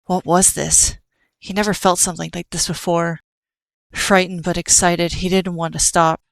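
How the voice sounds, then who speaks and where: Give me a woman narrating an audiobook in a low, smooth voice. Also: flat delivery, moderate pace, dry recording.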